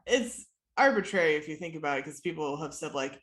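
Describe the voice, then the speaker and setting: A woman with a Michigan Midwestern accent, co-hosting a casual podcast, sounding congested and nasal, chatty with quick asides. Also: low-pitched, lively intonation. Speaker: podcast co-host. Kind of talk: casual chat.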